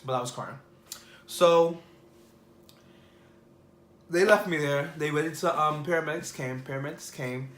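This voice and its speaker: A man's voice: a little high, measured pace, long pauses, fairly bright tone. A man vlogger telling a personal story in a casual, rambling way full of fillers. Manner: rambling, filler-heavy, restarts. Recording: echoey room.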